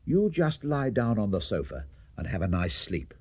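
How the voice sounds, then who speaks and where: Well-mannered, level-headed boy, as a male storyteller voices him; husky tone, dry close sound. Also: on the low side, normal speed, no room sound. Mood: polite. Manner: polite and steady. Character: polite, sensible young boy.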